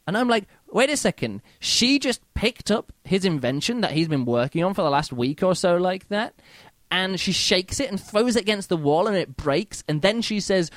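A rambling man reviews a book in a loose, chatty way, full of fillers and mock-quoted reactions. He speaks quickly in a slightly raised voice. The sound is close and dry, with no room around it. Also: high-pitched, no echo. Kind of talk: casual spoken book review.

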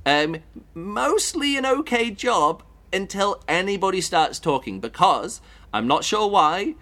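A man's voice: sits high, very animated, unhurried, sharp tone. Chatty man reviewing a book. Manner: rambling and chatty, thinking aloud with many fillers and restarts. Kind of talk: casual spoken book review.

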